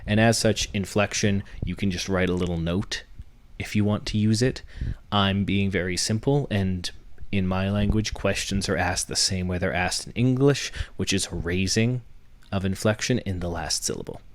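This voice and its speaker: A man's voice: low voice, steady tone, normal speed. A young man hosting a podcast, explaining a workshop step by step in a teacherly way, building each point from worked examples. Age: young adult. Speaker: podcast host.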